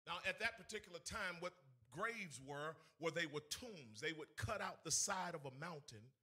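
A man preaching a sermon to a congregation, swinging between shouted, sing-song lines and hushed storytelling. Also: a little high, expressive, moderate pace, slightly rough. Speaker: evangelist. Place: in front of a congregation.

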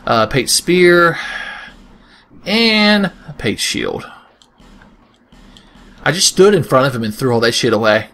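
A man's voice: medium pitch, big pitch swings, takes it slowly, pauses often, fairly bright tone. A young man giving casual, joking gameplay commentary with crude humor, often slipping into silly voices. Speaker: let's play host.

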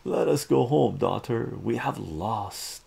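A man doing formal alien dad, gravelly, slow and stately. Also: mid-range voice, lively intonation, warm tone, heavily acted. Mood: solemn.

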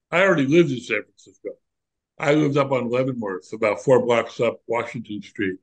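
An older man, a former monk, reminiscing in a relaxed, candid conversation and telling animated stories. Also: medium pitch, rough recording. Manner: animated storyteller, candid and reflective.

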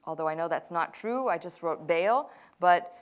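A woman's voice: fairly low pitch, animated, moderate pace. A woman pastor teaching a language class, explaining patiently step by step with casual asides.

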